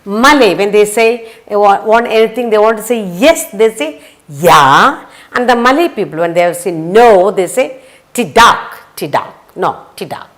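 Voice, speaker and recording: Leading a kids' vocabulary lesson in an Indian English accent, a woman says each word more than once and spells its letters out. She speaks slowly in a sing-song manner, with a medium-pitched voice and lively intonation.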